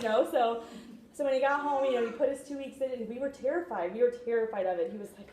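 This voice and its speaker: A woman's voice: high-pitched, fast talker, dark tone. A young woman giving a chatty motivational talk at a sales training meeting, often checking in with "you know what I mean?". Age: young adult. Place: meeting room. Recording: echoey room.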